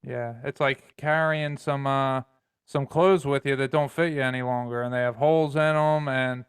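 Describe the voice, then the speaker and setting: A man hosting a podcast, talking in a reflective, measured way. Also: mid-range voice, steady tone, clear, resonant tone, no room sound, studio quality. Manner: reflective, measured, uses plain sayings. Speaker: podcast host. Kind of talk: casual conversation.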